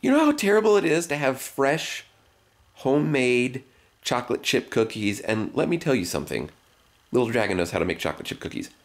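Lively low-voiced man vlogging. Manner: rambling, jokey, full of "like" and restarts. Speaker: family vlogger. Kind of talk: casual vlog chat.

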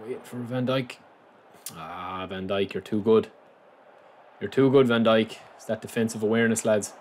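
A young man giving casual, excitable commentary over a football video game he is playing. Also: on the low side, normal speed. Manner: excitable, reacting loudly to plays. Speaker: gaming YouTuber.

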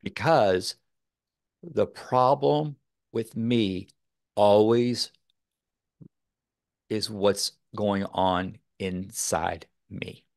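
A man's voice: lowish voice, very slow, vocal fry, long pauses, no echo, studio quality. A man from Texas, a podcast guest, talking earnestly in a rambling way with many fillers. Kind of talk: casual interview talk.

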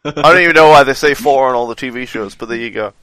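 A man playing a tabletop game, animated and rambling with many fillers. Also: medium pitch, fast talker, noisy background. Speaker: player. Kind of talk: casual tabletop chat.

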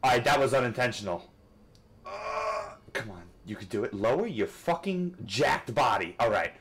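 A man commentating a rage-inducing game, swearing constantly and switching between frustrated outbursts and coaching himself to calm down. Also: mid-range voice, moderate pace, crowd noise. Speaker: gamer. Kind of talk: let's play commentary.

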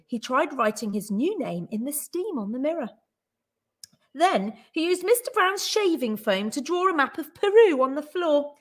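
Woman teacher reading a children's story aloud, expressive, higher voice with an animated melody.

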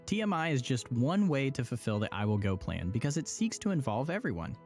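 A man's voice: medium pitch, big pitch swings, fairly quick, a little mellow, faint music behind. A man explaining a church plan in a scripted, upbeat, persuasive dialogue. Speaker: church promo presenter.

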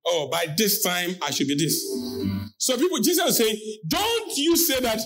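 A Ghanaian man preaching a sermon as pastor, shouting out lines and calling on the congregation to answer. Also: high voice, huge pitch swings, moderate pace, over music.

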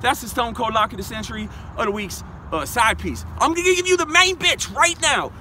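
A man's voice: extremely high pitch, lively intonation, fairly quick, sharp tone, slight background noise. A young man hosting a comedic sports betting vlog, brash, boastful and profane, recorded outdoors in a parking lot. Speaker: sports picks vlogger.

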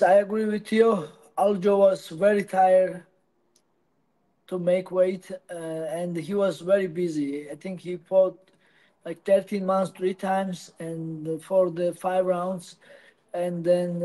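Interviewee, man, English speaker, halting delivery, high and mellow. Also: low-quality recording. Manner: halting, non-native English with many restarts. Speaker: interviewee, professional fighter. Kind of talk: casual interview answers.

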